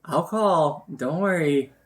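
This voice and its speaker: A woman's voice: low voice, slow. A woman player speaking in character in a tabletop game, earnest and hesitant.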